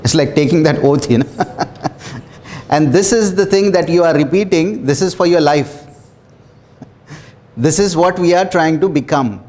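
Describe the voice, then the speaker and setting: A man leading a small self-development workshop, talking earnestly with repeated phrases and soft laughs. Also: on the high side, a little slow, pauses often. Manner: earnest, repetitive, laughs softly between phrases. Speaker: workshop facilitator. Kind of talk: motivational workshop talk.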